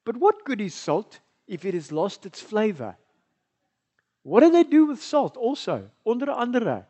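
South african pastor guy preaching in church, high lively voice, keeps asking the room questions. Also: a little slow, breathy edge. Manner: animated, engaging the congregation with questions. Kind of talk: bilingual sermon.

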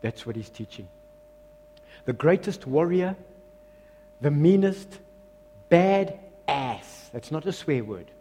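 A man with a South African accent preaching a sermon as pastor, switching between loud exclamations and quiet asides. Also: fairly high pitch, takes it slowly, long pauses, big-room sound, a little hiss or hum. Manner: animated preaching, shifts between shouting and hushed asides.

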